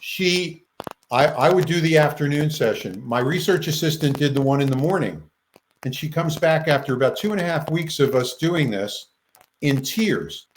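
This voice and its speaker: Male interview guest, higher voice, animated storyteller who acts out the quotes. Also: normal speed, slight background noise, rough recording. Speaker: guest researcher.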